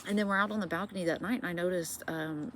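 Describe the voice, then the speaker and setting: A woman's voice: fairly low pitch, fairly even intonation, fast, slight background noise. Chatty woman telling a ghost story. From Indiana. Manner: chatty, swearing, many fillers and asides to viewers. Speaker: vlogger. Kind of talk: casual storytelling.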